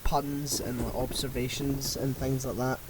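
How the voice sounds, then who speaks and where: A man's voice: medium pitch, little pitch movement, a little slow, noisy background. A man co-hosting a podcast from home, chatting casually in a rambling, sweary way that often breaks off mid-sentence. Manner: rambling, sweary, self-interrupting. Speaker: podcast co-host. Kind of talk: casual chat.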